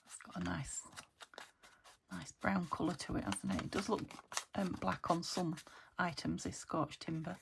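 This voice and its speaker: Host: middle-aged woman from the UK, croaky, gravelly and a bit low, chatty and thinking aloud as she crafts, slipping into half-whispers, faint hiss behind. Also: steady tone, moderate pace. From United Kingdom. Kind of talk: casual crafting chat.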